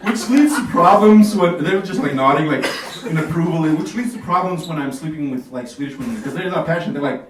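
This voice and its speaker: A man's voice: fairly high pitch, lively intonation, normal speed, background noise. A man from Bosnia performs stand-up comedy in a small café. He talks casually and keeps laughing at his own jokes. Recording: echoey café from far off.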